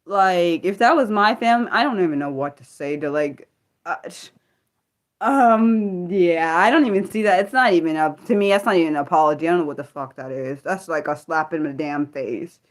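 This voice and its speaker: A woman hosting an unscripted livestream, talking heatedly and swearing freely, swinging between fired-up outbursts and low muttering. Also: lively intonation, brisk. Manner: swears freely, lots of restarts. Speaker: livestream host.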